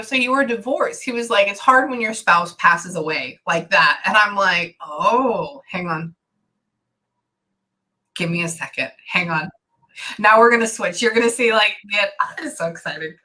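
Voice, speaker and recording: Woman medium, bright edge, stop-start delivery, keeps cutting herself off. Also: mid-range voice. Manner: halting, animated, many self-interruptions. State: tearful at times. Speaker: psychic medium. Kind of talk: channeling session.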